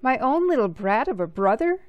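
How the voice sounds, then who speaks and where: A spirited young girl from a storybook, as a woman reader puts her on. She speaks earnestly and exclaims, at an unhurried pace. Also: a little high, lively intonation, dry recording, muffled recording.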